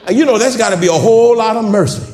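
A man preaching a sermon in a church, calling out to the congregation and rising to shouts. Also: high-pitched, very fast, roomy sound.

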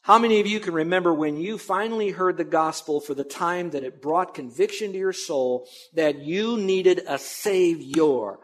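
A man's voice: a little high, normal speed, hardly any pauses. A man pastor preaching a sermon in a conversational, emphatic way with asides to the congregation.

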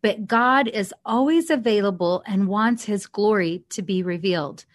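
A woman with a medium-pitched voice co-hosts a faith podcast, telling a personal story earnestly and from the heart at a moderate pace, with small restarts. It's recorded on a podcast mic with no room sound.

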